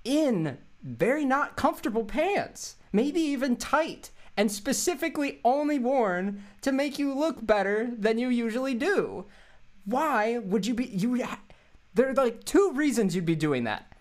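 Lively, rambling young man on a podcast. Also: very high-pitched, measured pace. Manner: rambling, playful, punny. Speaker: podcast co-host. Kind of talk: casual comedic podcast chat.

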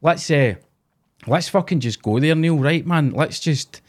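A man's voice: fairly high pitch, lively intonation, unhurried. A Scottish man hosting a casual podcast chat, blunt and sweary. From Scotland. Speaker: podcast host.

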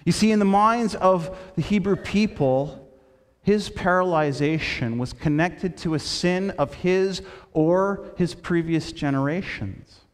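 A man preaching a sermon, retelling stories in a lively way and dropping his voice low and quiet for quoted lines. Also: unhurried, big-room sound. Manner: storytelling with quoted voices, shifting between loud and hushed. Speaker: pastor.

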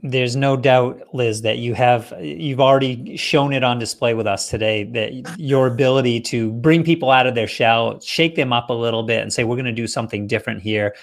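Man host at a mid pitch, steady interviewer with a few ums. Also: normal speed, gravelly, few pauses. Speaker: podcast host. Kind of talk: live-stream interview.

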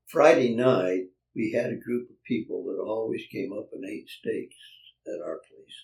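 Older guy with a gravelly mellow voice telling folksy stories, roomy room, mic kinda far off. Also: fairly low pitch, unhurried. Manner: folksy, chuckling, acts out quoted voices. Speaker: interview guest, land developer. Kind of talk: anecdotal storytelling.

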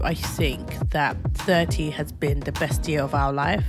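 A woman co-hosting a casual podcast chat, teasing her partner and quick to jump in. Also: deep voice, fairly even intonation, music in the background. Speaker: podcast co-host.

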